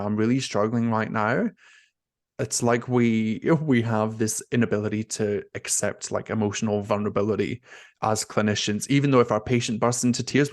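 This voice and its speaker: A man's voice: lowish voice, no echo, clean studio sound. A young man talking openly and emotionally as an interview guest, with a constant stream of "like" and "you know". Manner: emotional, expressive, heavy use of "like". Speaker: nurse coach, interview guest. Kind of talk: candid conversational interview.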